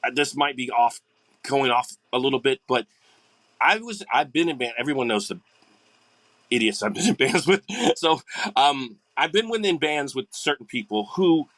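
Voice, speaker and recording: Older guy on a podcast, bright tense voice, dry sound, goes off on tangents. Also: mid-range voice, dry recording. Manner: rambling, animated, acts out quoted people. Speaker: guest musician. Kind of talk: casual podcast chat.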